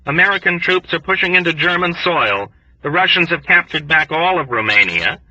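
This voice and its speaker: A man's voice: on the high side, very animated, moderate pace, pushed and bright, dry recording, highs cut off, voice pushed up, exaggerated voice. A man reading an audiobook, voicing a self-pitying male military doctor who whines and complains mournfully. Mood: whining.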